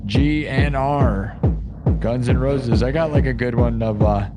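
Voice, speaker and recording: A man's voice: mid-range voice, a little slow, loud music behind the voice. A man hosting a livestream, chatting loosely with his viewers and reading their comments aloud, full of "like" and "dude". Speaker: livestream host of an improvised music show. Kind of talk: casual chat reading live comments.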